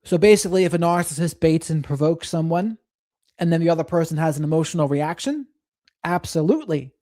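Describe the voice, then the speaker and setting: A man's voice: on the high side, expressive, a little fast, warm tone, no echo, clean studio sound. A man hosting a live stream, commenting on clips in a reflective way and reading and thanking viewers from the chat.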